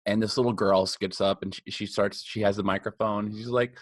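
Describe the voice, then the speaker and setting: A man's voice: lowish voice, steady tone, fairly quick, few pauses, fairly bright tone, no echo. Joking young man, dry close sound. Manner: blunt, joking, laughs while telling stories. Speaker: podcast co-host. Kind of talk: casual chat.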